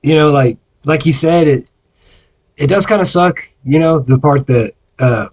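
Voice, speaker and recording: A male podcast host with a somewhat higher, husky voice. He chats in a relaxed, easygoing way and mostly chimes in to agree. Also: measured pace. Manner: laid-back, agreeable interjections. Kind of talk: casual chat.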